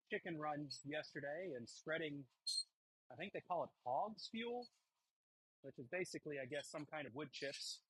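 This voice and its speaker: A man hosting a live stream from his smithy, chatting casually and rambling with pauses and fillers while he works on a blade. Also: on the high side, expressive, a bit bright, slightly rough, no echo, poor audio. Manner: rambling, thinking aloud between tasks, halting with fillers. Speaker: blacksmith livestream host. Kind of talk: casual chat while forging. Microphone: wireless transmitter mic.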